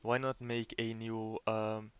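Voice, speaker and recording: A man's voice: on the low side, little pitch movement, slow, clean tone, no room sound. Rambling young man with a dry sound. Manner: rambling, repeats "right?" and restarts often; earnest, disappointed fan. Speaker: gaming video host. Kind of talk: casual gaming commentary.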